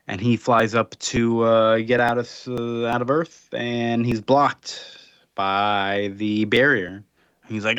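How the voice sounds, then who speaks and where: A man's voice: mid-range voice, flat delivery, slow, a bit bright, clear, resonant tone, no room sound, highs cut off. A man co-hosting a casual comics podcast, recapping the plot loosely with lots of fillers. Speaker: podcast co-host.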